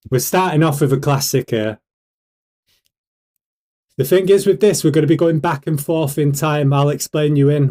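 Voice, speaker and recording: A British man hosting a casual livestream, talking fast and hyped and firing questions at his chat. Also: mid-range voice, mellow. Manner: hyped, rhetorical, keeps asking the chat questions. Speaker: livestream host.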